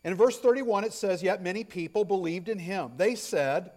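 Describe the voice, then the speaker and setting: A male pastor preaching a sermon, emphatic, stressing points through repetition and swinging from loud declarations to hushed asides. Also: high-pitched, moderate pace. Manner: repeats phrases for stress.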